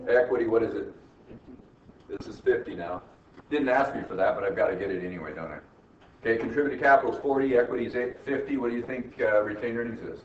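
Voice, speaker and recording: An instructor lectures a classroom, constantly checking in with "right?" and dropping deadpan jokes. His voice sits at an ordinary middle pitch. He is heard from across an echoey room on a muffled recording with a faint hiss. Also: fast, recorded from a distance. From United States. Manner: quizzes the class with constant tag questions, teasing jokes. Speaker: accounting instructor.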